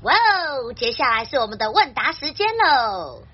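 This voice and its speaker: A woman translating a children's story and explaining vocabulary in a clear, gentle teaching voice. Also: sits high, very animated, normal speed, lo-fi sound.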